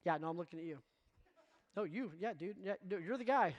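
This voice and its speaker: A man giving a motivational keynote to real estate agents, energetic and constantly checking in with the audience. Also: high-pitched, brisk, in a large hall, dull audio. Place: conference stage before a live audience.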